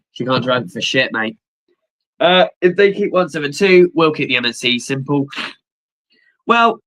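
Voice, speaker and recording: Young male streamer, excitable rambler, sharp bright tone. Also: medium pitch, rough recording. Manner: rambling, excitable, swears casually. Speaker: livestream host. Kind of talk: casual watchalong chat.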